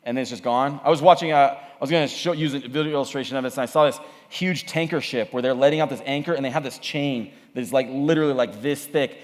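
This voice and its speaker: A man preaching at a youth camp, energetic and conversational, often repeating himself. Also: mid-range voice, fast talker, few pauses. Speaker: camp speaker. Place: camp meeting hall. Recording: echoey hall.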